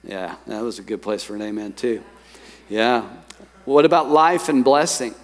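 A man preaching in a church, his voice sitting at an ordinary middle pitch. He reads verses and tells stories to the congregation in a lively, conversational way. His words carry a long reverb from the large hall around him. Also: moderate pace. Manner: lively, quoting scripture and telling stories to the congregation. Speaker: pastor. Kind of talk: sermon. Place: church sanctuary.

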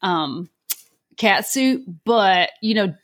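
A woman's voice: medium pitch, animated, drawn-out words. A woman co-hosting a podcast, reading listener mail and chatting animatedly. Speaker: podcast co-host. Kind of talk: casual chat.

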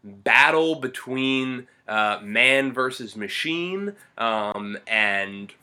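A man co-hosting a podcast, talking through a film in a halting way with many fillers and restarts. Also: mid-range voice, expressive, pushed and bright, smooth. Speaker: podcast co-host. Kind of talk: casual film discussion.

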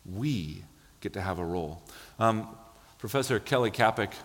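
A man preaching a sermon in a church, telling stories with lively, acted-out quotes. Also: lowish voice, normal speed. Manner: animated storytelling, acts out quotes. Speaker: pastor. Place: church sanctuary. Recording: long hall reverb.

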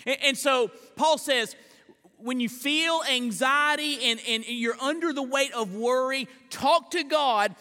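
A male pastor preaching a sermon, swinging between loud emphatic lines and hushed slow ones, often repeating words as he starts a phrase. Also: very high-pitched, big-room sound. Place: church sanctuary.

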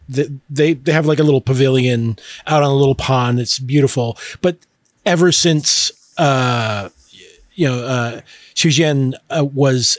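A man's voice: mid-range voice, no echo, studio quality. A man co-hosting a film podcast, talking enthusiastically with frequent restarts and laughter. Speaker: podcast host. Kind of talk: casual podcast chat about a film.

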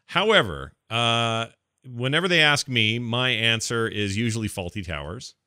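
A man's voice: medium pitch, lively intonation, moderate pace, bright, forceful tone, clean tone, no echo, clean studio sound. A man hosting a casual podcast, talking in a playful, rambling way. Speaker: podcast host.

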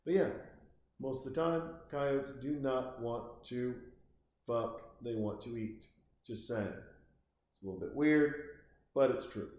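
A man's voice: medium pitch, slow, long pauses, darkish tone. Rambling, profane man in an echoey room. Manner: rambling, profane, with frequent restarts. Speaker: host. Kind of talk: casual comic monologue.

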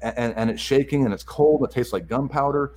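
A man candidly telling a personal story, halting and repeating words as he restarts his sentences. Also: medium pitch, a little mellow, a little hiss or hum, poor audio.

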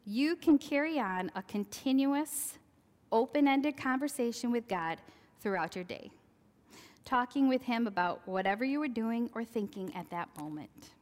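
A woman in her forties gives a devotional talk in a casual, personal way. She slips in laughing asides and acts out little quoted exchanges. Her voice sits fairly high and rings out with a long hall reverb. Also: moderate pace. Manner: chatty, laughing asides, animated quoting. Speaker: Christian speaker.

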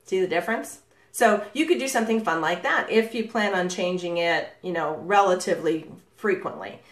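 A middle-aged woman coaching real estate agents in a live session over a video call, talking with lively inflection and energy and laughing often. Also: on the low side. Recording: roomy echo.

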